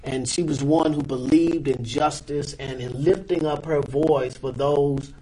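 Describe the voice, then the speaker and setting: A man, a pastor, speaking earnestly as an interview guest in a measured, halting way with many fillers. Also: on the high side, fairly even intonation, warm tone, breathy edge, poor audio.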